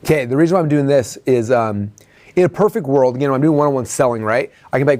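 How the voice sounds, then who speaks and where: A man coaching others as he breaks down his own sales presentation, chatting rapidly and leaning on "like" and "right?". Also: mid-range voice, lively intonation, darkish tone. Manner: rapid, conversational, heavy on "like" and "right?".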